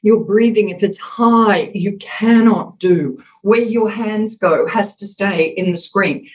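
A woman's voice: mid-range voice, slow, rough recording. Emphatic woman demonstrating voice habits. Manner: emphatic, demonstrative, acts out voice examples. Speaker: communications expert guest. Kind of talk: podcast interview.

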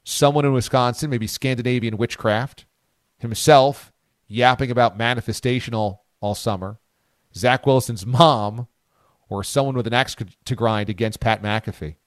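A man hosting a sports talk radio show, animated and incredulous, cracking jokes and reading out listener posts. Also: medium pitch, normal speed, no room sound, studio quality.

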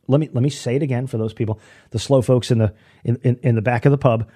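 A man's voice: medium pitch, animated, quick pace, mellow, husky. Ranting male commentator. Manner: ranting, restarts often, sarcastic. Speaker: host. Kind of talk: political commentary show.

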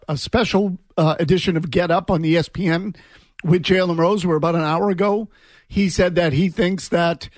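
A man's voice: high voice, no echo. A man hosting sports talk radio, teasing his co-hosts in a wry manner. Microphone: studio mic.

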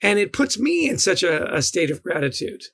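High, gravelly enthusiastic man. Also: sing-song, moderate pace, fairly bright tone, dry recording. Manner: enthusiastic, storytelling, repeats words. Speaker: guest, leadership author. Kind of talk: podcast interview.

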